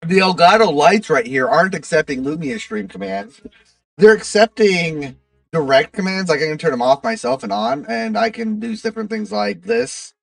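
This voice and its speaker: A man's voice: sits high, normal speed, gravelly, fairly bright tone, dry recording, recorded from a distance. A man chatting casually on his livestream, rambling to his chat with lots of fillers.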